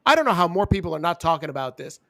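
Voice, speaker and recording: A man co-hosting a wrestling review show, ranting in loud, exasperated bursts and mocking people in silly voices. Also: fairly high pitch, very animated, very fast, creaky, no room sound, studio quality. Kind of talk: ranting casual chat.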